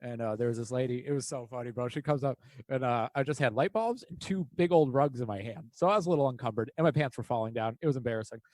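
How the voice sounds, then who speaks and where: On a casual podcast chat, a male co-host rambles and swears while acting out the people in his stories. His voice is mid-range and darkish, he speaks at a quick pace, and there's no echo.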